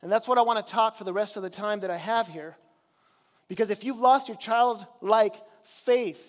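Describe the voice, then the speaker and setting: Guy preaching in church, really high voice, kinda stumbles and repeats himself, big echoey hall. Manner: conversational preaching, repeats words when searching. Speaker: pastor. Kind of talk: sermon. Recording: long hall reverb.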